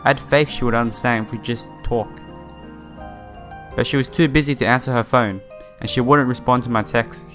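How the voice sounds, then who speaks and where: A man's voice: mid-range voice, steady tone, fairly quick, a bit bright, faint music behind, close to an everyday voice. A man reading a visual novel's lines for an earnest, lonely young woman who trains as an idol, in his own plain voice without a girl voice. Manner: plain read-aloud delivery in his own voice.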